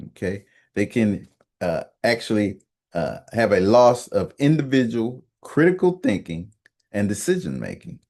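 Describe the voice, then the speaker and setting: A man talking on the radio in a casual monologue, halting with many fillers and restarts. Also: on the low side, sing-song, darkish tone. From United States. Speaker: radio talk host.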